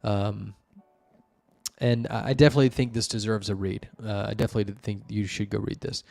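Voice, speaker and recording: Low-voiced man rambling through reviews. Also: little pitch movement, a little fast, gravelly, darkish tone, faint music behind. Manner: rambling, many fillers and restarts, explains at length. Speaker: host reviewing wiki articles. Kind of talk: casual solo commentary.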